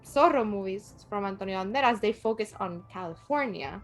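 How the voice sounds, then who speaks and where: A woman from Puerto Rico, a guest in a casual chat, talking with animated energy and laughing often. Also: mid-range voice, fairly quick, faint music behind.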